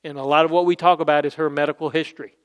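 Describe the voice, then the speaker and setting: A man's voice: a little high, fairly even intonation, rapid-fire, a bit bright, smooth. A man preaching a casual, conversational sermon, acting out Bible scenes in quoted voices. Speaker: pastor.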